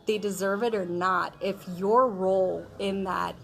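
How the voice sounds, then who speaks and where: A woman's voice: medium pitch, fairly even intonation, unhurried, creaky. Casual female Bible study teacher, conversational storyteller, slangy, filler-heavy. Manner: conversational storytelling, retelling scripture in modern slang; chatty, with frequent fillers like okay and um.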